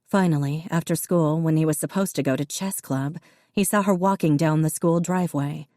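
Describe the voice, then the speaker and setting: A woman narrating an audiobook in a measured, even storytelling manner. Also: low-pitched, no room sound, studio quality.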